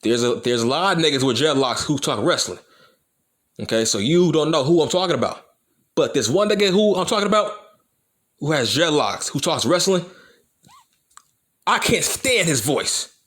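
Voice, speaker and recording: A man's voice: on the high side, expressive, normal speed, long pauses, a bit bright. A man ranting about wrestling to his viewers in a heated, profane way, repeating his points for emphasis. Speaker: wrestling YouTuber. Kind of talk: profane opinion rant to camera.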